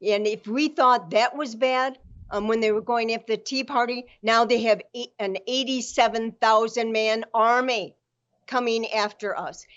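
A woman guest speaking forcefully and indignantly in a political interview. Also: on the high side, steady tone, normal speed, dull audio.

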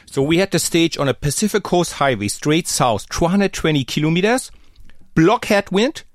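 Man, pro cyclist guest, animated storyteller, acts out quoted speech, highish voice, big pitch swings, dry close sound. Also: moderate pace, no echo. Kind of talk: casual podcast chat, storytelling.

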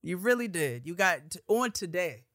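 A woman telling a story in casual chat, animated and profane, acting out heated quotes. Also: fairly low pitch, normal speed, no room sound, studio quality. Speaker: podcast host telling a story.

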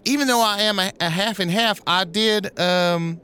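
A man's voice: sits high, normal speed, pushed and bright, smooth. A man voicing an earnest, sentimental half-vampire in an improvised comedy audio drama. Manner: sentimental, earnest and a bit pompous.

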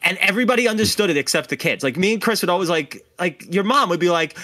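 A man co-hosting a podcast, chatting casually in a jokey, animated way and swearing freely. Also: sits high, fast talker, few pauses. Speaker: podcast co-host. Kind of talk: casual chat.

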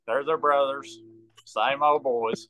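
A man's voice: mid-range voice, fairly even intonation, takes it slowly, fairly bright tone, rough recording. A man who is a guest on a podcast, talking casually in easygoing down-home slang. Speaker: professional angler, guest. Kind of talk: casual interview chat.

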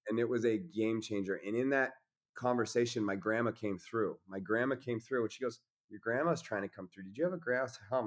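Intense, profane man preaching honesty. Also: mid-range voice. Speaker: podcast guest. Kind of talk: casual conversation.

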